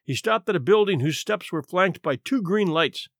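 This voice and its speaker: Male narrator, animated theatrical reading, fairly high voice, dry close studio sound. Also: moderate pace, no echo. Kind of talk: scripted narration.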